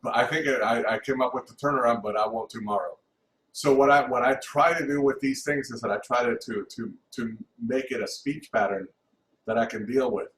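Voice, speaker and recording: Casual male music teacher, halting delivery, counts beats out loud; distant mic with room echo and faint hum. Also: mid-range voice. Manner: halting, lots of restarts and counting aloud. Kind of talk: informal recorded lesson.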